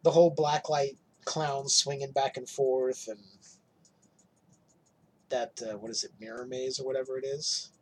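A man's voice: mid-range voice, level tone, a little slow, a little mellow, slightly rough. A man in casual podcast chat, animatedly retelling a horror film, acting out lines and swearing freely. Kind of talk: casual movie recap chat.

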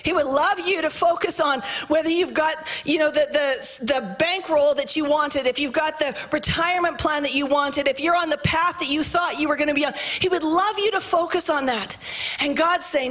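A woman pastor preaching a sermon in church, swinging between impassioned shouts and hushed, conversational storytelling. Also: high-pitched, moderate pace.

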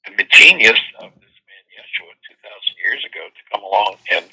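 A man hosting a spiritual talk show with call-ins, teaching and telling stories, with animated quoted voices. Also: fairly low pitch, fairly quick, husky, poor audio. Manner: storytelling, animated quoting voices. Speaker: host and workshop teacher.

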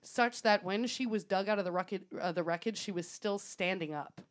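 A woman's voice: medium pitch, fairly quick. A woman co-hosting a podcast, telling a story in a casual, chatty way, with frequent laughs, swearing and fillers. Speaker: podcast co-host.

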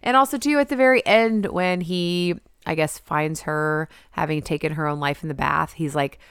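Female co-host, low-pitched and smooth, wry and sarcastic in casual chat. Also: moderate pace, no room sound, clean studio sound. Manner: wry, sarcastic, laughs often. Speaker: podcast co-host.

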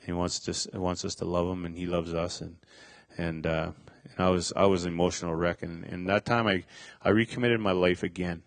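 Middle-aged man, very low voice, dry close sound, halting personal testimony with lots of restarts. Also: little pitch movement, dry recording. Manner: halting, many fillers and restarts. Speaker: speaker sharing a testimony.

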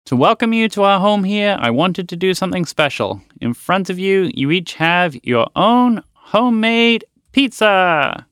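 A man voicing a large, good-natured male moose who speaks in a proud, slow, drawn-out way. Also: high voice, lively intonation, fairly bright tone, smooth, dry recording, studio quality, pitched above the performer's own voice.

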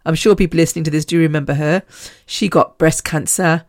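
Speaking in a low, steady, slightly mellow voice at a brisk clip, this podcast host, a woman in her fifties, delivers a casual, rambling monologue full of cursing and laughter between sentences. There's no room sound, and the audio is studio quality.

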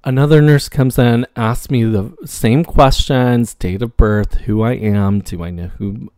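A man telling a casual personal story, acting out the back-and-forth of the people in it with lively reactions. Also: medium pitch, unhurried, smooth, no echo, studio quality. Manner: animated, acts out quoted exchanges.

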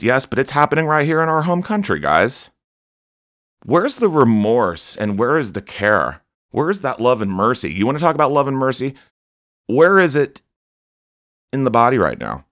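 A man with a deep, low-pitched voice preaches to his podcast listeners in a fervent, scolding tone that makes no secret of his anger. The sound is dry and close, with no room echo around him. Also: a bit bright. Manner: fervent, admonishing, openly angry. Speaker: podcast host. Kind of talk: impassioned preaching monologue.

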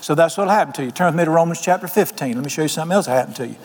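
Folksy preacher in a reverberant hall. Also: male voice, a little high, rapid-fire, darkish tone, slight background noise. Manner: folksy storytelling preacher, quotes people in voices, asks the congregation questions. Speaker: pastor. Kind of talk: sermon.

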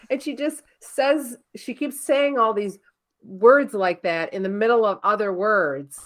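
A woman host telling a funny anecdote in casual chat, animated and swearing freely. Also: mid-range voice, measured pace. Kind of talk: casual comic storytelling.

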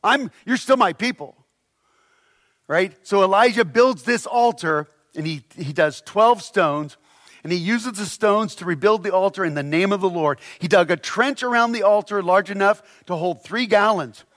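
A man's voice: high-pitched, moderate pace, a bit bright. A pastor preaching a casual sermon. He reads scripture aloud and keeps asking "right?" between wry asides. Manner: conversational, asks "right?" often, adds wry asides.

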